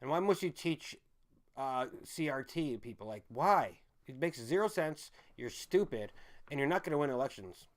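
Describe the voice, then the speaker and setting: Male stream host, mid-pitched voice, loose ranting delivery full of restarts. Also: lively intonation, moderate pace. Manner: ranting, with frequent restarts and stumbles; addresses the audience as folks and guys. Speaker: online commentary host. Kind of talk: rambling livestream commentary.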